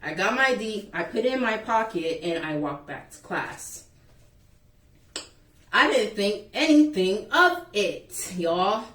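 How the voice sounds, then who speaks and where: A young woman casually telling a school story to the camera, animated and chatty, acting out the people in it. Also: mid-range voice, takes it slowly, recorded from a distance. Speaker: vlogger. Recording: echoey room, a bit off-mic.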